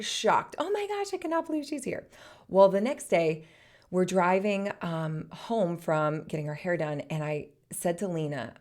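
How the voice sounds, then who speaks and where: A woman's voice: low voice, darkish tone. A woman hosting a podcast, telling a personal story in a chatty way and laughing often. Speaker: podcast host.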